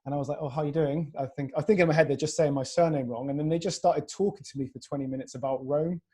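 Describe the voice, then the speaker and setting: A man's voice: fairly high pitch, fast talker, a little mellow, slightly rough. A man chatting casually on a video call podcast, telling stories with plenty of laughs. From Iraq. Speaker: podcast host and fitness coach. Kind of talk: casual chat.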